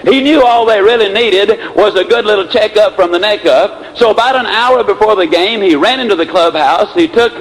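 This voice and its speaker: An older man giving a motivational speech, telling folksy anecdotes in an animated way. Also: sits high, moderate pace, few pauses, poor audio. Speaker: motivational speaker.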